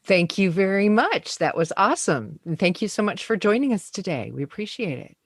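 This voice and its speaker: A woman's voice: mid-range voice, very animated, brisk, husky. A woman hosting a podcast interview, asking questions and thanking her guest graciously. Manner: gracious and appreciative. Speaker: podcast host.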